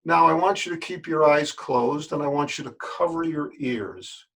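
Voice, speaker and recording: A man's voice: a little high, normal speed, creaky, a bit bright. An older man, a yoga teacher, talking straight to his listeners in a folksy, earnest way and repeating words for emphasis. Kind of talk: spoken address to camera.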